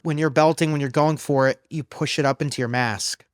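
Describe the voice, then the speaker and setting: A man who coaches singers, explaining in a loose, halting way during a casual podcast interview. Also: fairly high pitch, fairly even intonation, dry recording, studio quality. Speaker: vocal coach. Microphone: studio microphone.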